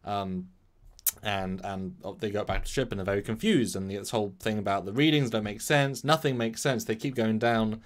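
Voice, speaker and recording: A man co-hosting a casual chat, recapping a story from memory in a rambling, animated way with sudden jumps in pitch. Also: normal speed. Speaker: podcast co-host recapping an episode from memory.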